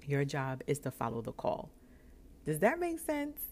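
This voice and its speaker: New york woman in her 30s, low voice, chatty podcast storytelling, plays out the dialogue. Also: measured pace. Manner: animated, acts out dialogue with laughs. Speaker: podcast host. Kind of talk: personal storytelling monologue.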